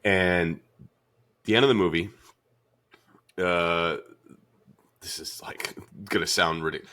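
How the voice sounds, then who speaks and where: Low-voiced animated man hosting a podcast. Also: takes it slowly, pauses often. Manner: animated storyteller, frequent "like" fillers. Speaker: podcast host. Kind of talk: casual podcast chat.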